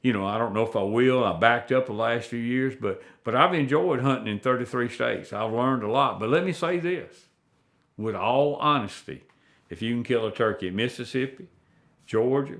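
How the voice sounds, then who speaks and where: A man's voice: mid-range voice, moderate pace, a bit bright. A man, a veteran hunter telling stories in a plainspoken, folksy way with rural phrasing. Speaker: guest, veteran turkey hunter. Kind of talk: folksy storytelling.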